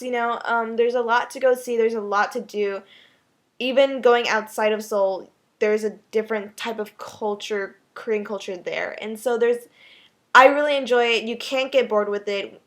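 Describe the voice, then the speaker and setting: A woman's voice: medium pitch, a bit bright. A young American woman from Texas answering viewer questions in a casual, chatty vlog, with frequent ums and little laughs. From Texas, USA.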